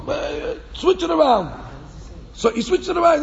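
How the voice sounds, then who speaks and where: A man's voice: very high voice, quick pace, gravelly. Guy teaching a torah class, repeats stuff for emphasis, echoey hall, muffled lo-fi with a faint hum. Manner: animated, repeats phrases for emphasis, mixes in Hebrew quotes.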